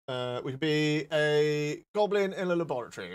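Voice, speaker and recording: A man's voice: fairly high pitch, animated, normal speed, clear, resonant tone. Joking man streaming live. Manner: rambling, joking, swearing. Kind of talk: casual live-stream chat.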